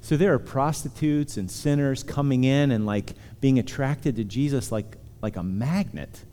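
A man preaching a sermon, earnest and emphatic, slowing down to stress key words. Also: medium pitch, dark tone. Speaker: pastor. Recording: long hall reverb.

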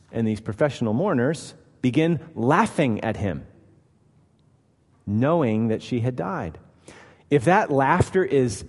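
Male pastor, sermon, emphatic, rhetorical questions, mid-pitched voice, long hall reverb. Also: a little mellow.

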